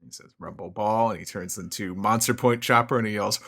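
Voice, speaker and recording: A man co-hosting a podcast, recapping a comic in a casual, halting way, often chuckling. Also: on the low side, vocal fry, sharp tone. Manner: chuckling, halting, lots of fillers. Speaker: podcast co-host.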